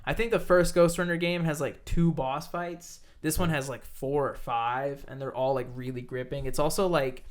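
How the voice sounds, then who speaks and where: Casual swearing male podcast host. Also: a little high. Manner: loose, swears a lot, quick bursts of excitement. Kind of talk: casual chat.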